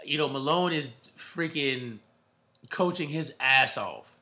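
Male host, slightly high bright voice, slangy emphatic sports chatter. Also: slow pace. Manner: emphatic, slangy, calls listeners bro. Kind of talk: casual sports talk.

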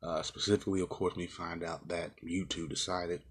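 A man's voice: low-pitched, fairly even intonation, a little fast, hardly any pauses, husky. A man giving a casual, exasperated movie review, rambling with fillers and swearing often. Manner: rambling with many fillers and restarts.

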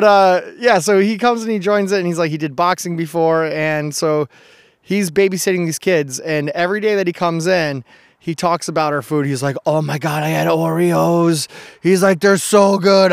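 A man, a gym coach and podcast co-host, telling stories in a lively, chatty way and laughing often. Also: on the high side, clean tone, no room sound, studio quality. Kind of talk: casual chat, anecdotal storytelling.

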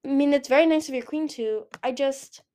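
A woman's voice: sits high, a little fast, darkish tone, pitched above the performer's own voice, natural voice. A woman voicing an anxious, guilt-ridden young male sea dragon who speaks in a flustered, pleading way.

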